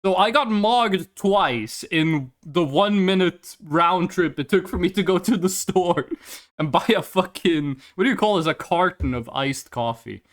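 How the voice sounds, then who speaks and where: A man's voice: sits high, lively intonation, unhurried. A young adult man chatting casually on a live stream and telling a story with lots of profanity.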